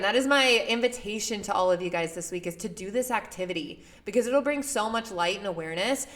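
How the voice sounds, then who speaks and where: A woman talking casually and earnestly to her listeners, coaching them with questions. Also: mid-range voice. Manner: earnest and emotional, warm toward her father. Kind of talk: casual solo talk to listeners.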